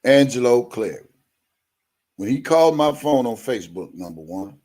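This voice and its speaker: In a profane live-stream rant, a male host talks bluntly to his audience and curses heavily, speaking to viewers directly. He has a mid-range, darkish voice with lively intonation at a moderate pace.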